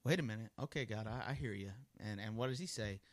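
A man's voice: lowish voice, quick pace, dry recording. A male pastor preaching a sermon in a loose, conversational way, full of ums and restarts.

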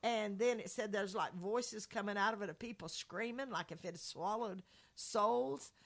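Woman speaker, mid-pitched, earnest rambling faith storyteller. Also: moderate pace, vocal fry. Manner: earnest, rambling retelling with restarts. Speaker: speaker sharing a faith testimony. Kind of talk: conversational religious storytelling.

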